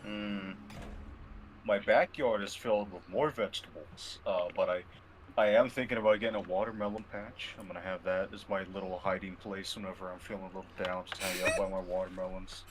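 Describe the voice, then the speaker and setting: A laid-back man with a lowish voice chats with friends during a game. His mic carries a steady hiss of background noise. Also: brisk, low-quality recording. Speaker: gamer chatting with friends. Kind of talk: casual voice chat.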